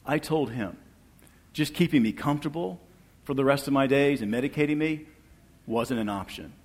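A middle-aged man giving an earnest church testimony, asking for amens and dropping soft and low at tender moments. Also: moderate pace. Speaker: guest speaker sharing testimony. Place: church hall. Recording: long reverb of a large hall.

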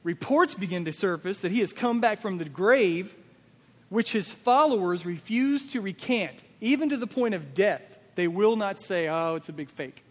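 Guy preaching, high voice, lots of questions thrown at the crowd, big echoey hall. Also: animated, moderate pace. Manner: emphatic preaching with rhetorical questions. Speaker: pastor. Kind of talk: sermon.

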